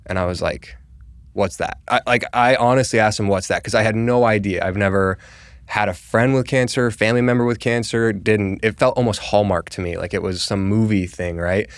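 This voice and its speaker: A man's voice: lowish voice, steady tone, fairly quick, dry recording, studio quality. A young man from Colorado, a podcast guest, telling a long personal story in casual chat, full of "like" and acted-out quotes. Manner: conversational, full of "like", acts out quoted dialogue. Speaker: podcast guest, real estate agent.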